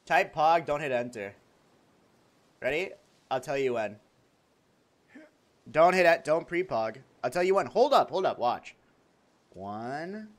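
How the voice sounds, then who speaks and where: A man streaming a game live, chatting playfully with his viewers, swearing freely and breaking into sudden excited outbursts. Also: on the high side, slow pace, long pauses. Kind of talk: casual game livestream chat.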